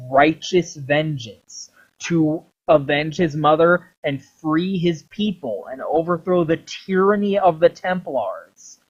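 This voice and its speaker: A man retelling a game story in a long, animated ramble full of swearing, on a dull lo-fi recording. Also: on the high side. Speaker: video creator.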